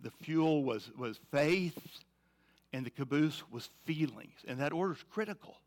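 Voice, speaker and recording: A man's voice: on the high side, animated, measured pace. A man preaching a sermon in a conversational, emphatic way, often repeating phrases. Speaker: pastor.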